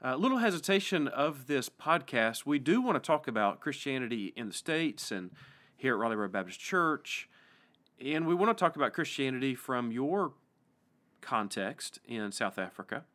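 A pastor with an East Tennessee accent hosts a casual podcast interview in a mid-range, sing-song, slightly bright voice. He comes across as friendly but halting, frequently starting his sentences over.

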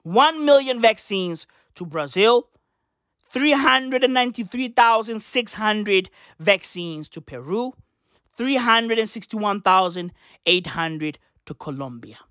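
Slow, animated, profane woman. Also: medium pitch, dry recording, clean studio sound. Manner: profane, slangy, fires rhetorical questions. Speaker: commentator. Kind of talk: ranting news commentary.

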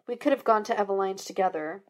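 A woman doing a gruff police detective. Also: fast, lightly acted. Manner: gruff, lower and quieter. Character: gruff middle-aged male police detective.

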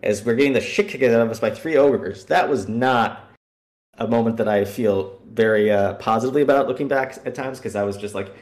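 Animated man retelling game stories in an echoey room. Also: medium pitch, a little fast. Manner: animated storyteller acting out scenes. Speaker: guest player. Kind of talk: casual podcast chat.

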